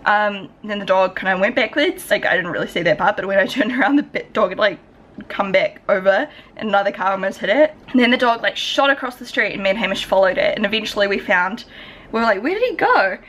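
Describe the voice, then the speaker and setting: A woman's voice: medium pitch, quick pace, fairly bright tone. A young woman with a New Zealand accent chatting casually to camera in a home vlog, full of "like" fillers. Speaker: vlogger.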